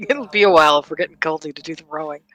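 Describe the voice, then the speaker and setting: A woman's voice: low voice, racing, a bit bright, dull audio. A woman playing a tabletop game with friends, playful and giggly. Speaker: player. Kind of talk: casual tabletop play.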